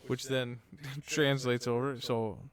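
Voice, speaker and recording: This thirties-aged podcast co-host has a medium-pitched voice that moves little in pitch, and he talks slowly. Chatting casually, he wanders through a profane family anecdote, voicing the characters himself and cursing without hesitation.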